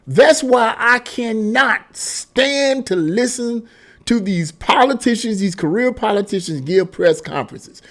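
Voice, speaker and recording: A man's voice: sits high, animated, unhurried, fairly bright tone. A man hosting his own commentary channel, delivering a heated, emphatic political rant with lots of repetition. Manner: mocking singsong asides.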